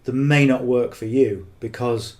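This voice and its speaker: A man's voice: medium pitch, steady tone, measured pace, darkish tone. A man coaching on marketing in casual, unscripted talk, blunt and earnest, who keeps checking in with "okay?".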